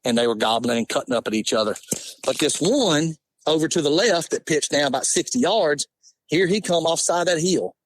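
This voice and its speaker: A man, telling an animated, laughing hunting story in casual talk. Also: on the high side, a little fast. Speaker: podcast guest.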